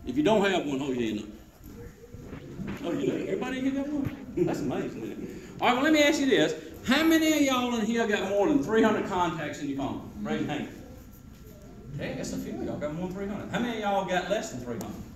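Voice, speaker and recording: A man giving a sales training talk to a live audience, quizzing the crowd and acting out sales pitches. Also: big pitch swings, quick pace, pauses often, recorded from a distance. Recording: roomy hall echo with faint noise.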